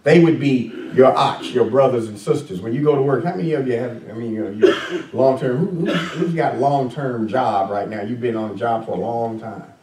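A man's voice: mid-range voice, moderate pace, a little mellow. A male pastor preaching a conversational sermon, full of fillers and questions to the congregation. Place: church sanctuary. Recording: echoey church room, mic at a distance.

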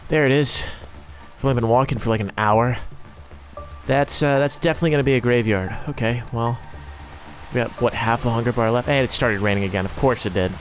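A man's voice: mid-range voice, fairly quick, soft background music. A young man narrating his own game role-play in a sarcastic, self-mocking running commentary. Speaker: role-play gaming creator.

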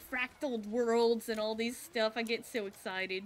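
A chatty woman talks with her viewers while playing a game, excitable and eager. Her voice sits a little high. A soft hiss of noise runs faintly under the recording. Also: a little slow, few pauses. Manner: excitable, chatty, answers chat as she plays. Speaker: game streamer. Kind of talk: casual live-stream chat.

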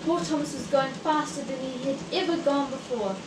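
Woman reading a kids story, sing-songy, high voice, echoey room far off mic. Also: moderate pace, background noise. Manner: expressive, sing-song.

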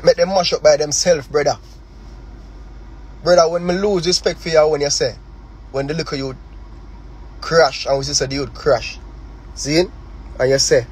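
A man's voice: a little high, a little hiss or hum, rough recording. A man with a Jamaican accent speaking in patois on a phone livestream, impassioned and confrontational, repeating words and firing rhetorical questions. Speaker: artist on a live stream. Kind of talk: heated direct address.

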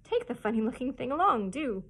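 A woman's voice: a little high, expressive, fairly quick, voice pushed up. A woman voicing a bossy female duck housekeeper who scolds and insists, reading a storybook aloud. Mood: scolding.

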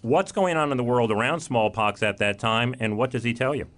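Man hosting a calm interview. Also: mid-range voice, fairly quick. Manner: brief affirmations and guiding questions. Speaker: interview host. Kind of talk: conversational interview.

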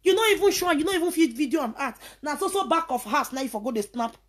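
A Nigerian vlogger with a high voice rants heatedly, fast-talking and animated, scornful and insulting. Between her jabs she keeps slipping into sing-song chanted taunts.

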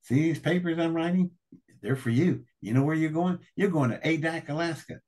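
Give me a man voicing a raging navy officer who curses someone out at a shout, voice pushed high. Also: animated, normal speed, lightly acted. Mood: ranting. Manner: yelling, swearing. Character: furious cursing male navy commanding officer.

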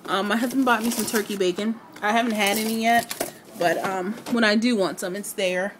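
A woman talking through a casual home video diary, slightly out of breath, hesitant with many pauses and fillers. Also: medium pitch, steady tone, noisy background. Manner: hesitant, many ums and restarts. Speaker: vlogger.

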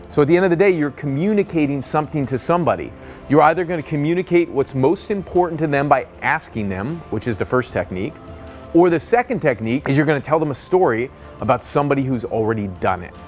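A man giving a motivational sales lesson as a business coach, telling stories and acting out the people in them. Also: a little high. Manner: energetic, storytelling, acts out quoted voices.

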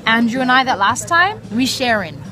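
A young woman with a high, bright-pitched voice vlogs over a family dinner, joking, teasing and bossing the table around with a laugh close at hand. She talks into a handheld camera in a restaurant while music plays clearly behind her. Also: big pitch swings, normal speed. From Canada. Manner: playful, teasing, bossy mom talk with frequent laughs. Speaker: vlogger. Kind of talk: casual family vlog chat.

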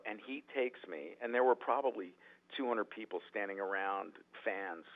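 A man who is a writer-director telling animated stories in an interview, often restarting his sentences. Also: on the low side, moderate pace. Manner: animated, acts out quotes, frequent restarts. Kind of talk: anecdotal storytelling in a podcast interview. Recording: tinny phone-like line.

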